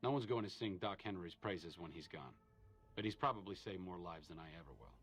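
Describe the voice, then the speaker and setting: Arcade Gannon, a calm reflective game companion. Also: male voice, deep voice, fairly quick. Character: thoughtful male companion, reflective and soft-spoken. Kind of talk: video game voice acting.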